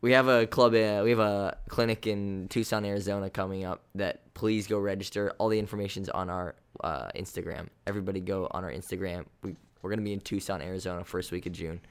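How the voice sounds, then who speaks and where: A man's voice: low voice, steady tone, fast, hardly any pauses, clear, resonant tone. A man co-hosting a podcast, talking casually and defensively while giggling at the teasing. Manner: giggly, defensive, breaks into laughter. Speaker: podcast co-host.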